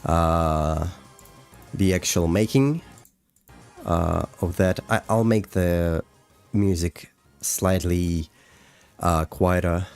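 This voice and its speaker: A man's voice: sits low, extremely slow, long pauses, darkish tone, clean tone. A man casually chatting on a livestream while walking through his animation work, hesitant with many fillers. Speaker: animator streaming a breakdown. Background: faint music.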